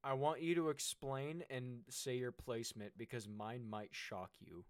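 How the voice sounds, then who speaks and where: A young man co-hosting a casual chat, telling a long story with many restarts and getting animated when excited. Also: mid-range voice, unhurried, clean tone, no echo, studio quality. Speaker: co-host.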